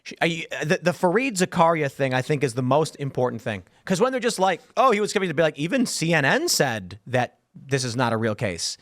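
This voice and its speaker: A man's voice: on the high side, big pitch swings, fairly quick, hardly any pauses, no room sound. A man hosting a political talk show, explaining his views earnestly in long runs, with frequent restarts. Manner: earnest, lecturing, many restarts. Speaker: host.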